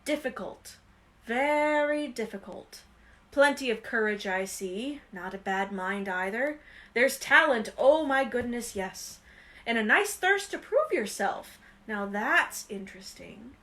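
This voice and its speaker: A woman voicing a wise old talking magic hat that ponders slowly and draws out its words. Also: on the high side, expressive, fairly bright tone. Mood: pondering. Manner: slow, drawn-out pondering.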